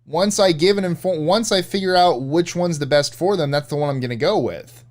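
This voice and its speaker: A man's voice: fairly high pitch, brisk, darkish tone. A man co-hosting a casual live stream, rambling and correcting himself as he answers chat.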